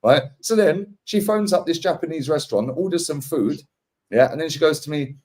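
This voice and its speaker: A man's voice: fairly high pitch, normal speed, darkish tone. A man with a London accent hosting a casual chat, telling stories full of slang, swearing and laughter. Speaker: podcast host. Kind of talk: casual banter.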